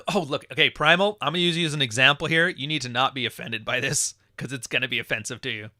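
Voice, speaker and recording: A man hosting a live podcast, ranting with profanity and mocking others in high put-on voices. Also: fast talker, sharp tone, dry recording, clean studio sound. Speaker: podcast host. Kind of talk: livestream podcast rant.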